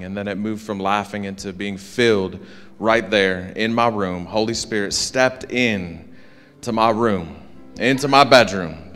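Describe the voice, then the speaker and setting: A man's voice: on the low side, a bit bright. A man pastor telling his personal testimony to a congregation, earnest and rambling, with many fillers and restarts.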